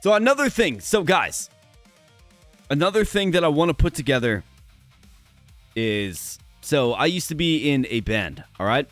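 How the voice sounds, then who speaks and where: A man with a hoarse voice, chatting energetically with viewers during a live stream. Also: a little high, sing-song, unhurried, pauses often, no echo, faint music behind.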